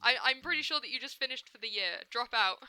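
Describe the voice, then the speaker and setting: Young woman streamer, slightly high and sharply bright, casual profane venting over faint background music. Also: fast. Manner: animated, profane ranting, self-mocking. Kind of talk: casual gameplay commentary.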